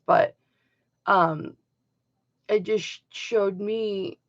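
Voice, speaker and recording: Middle-aged woman, live-stream host, gravelly voice, talky and emphatic; dull lo-fi home audio. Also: mid-range voice, no echo. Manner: chatty, emphatic, swings between loud and soft. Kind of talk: casual live-stream chat with viewers.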